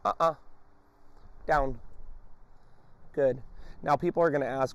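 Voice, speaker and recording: A man training a dog on a leash, explaining each step calmly and breaking off to praise and give commands to the dog. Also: mid-range voice, moderate pace, long pauses. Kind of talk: instructional demonstration.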